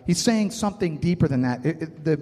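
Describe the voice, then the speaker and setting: A male pastor in his thirties delivers a sermon in a casual, conversational way, often turning to ask the congregation questions. His voice sits a little high for a man. The sound rings with a long hall reverb. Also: expressive, brisk, dark tone.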